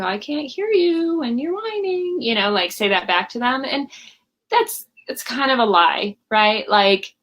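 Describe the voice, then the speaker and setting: A woman's voice: medium pitch, a bit bright. A woman coaching parents in a live Q&A, talking in a friendly, conversational way at home and giving example phrases.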